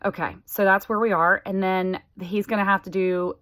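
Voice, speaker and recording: A woman's voice: mid-range voice, steady tone, moderate pace, fairly bright tone. A woman in her forties talking candidly to the camera, chatty and exasperated. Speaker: vlogger sharing a health update. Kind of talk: casual chat to camera.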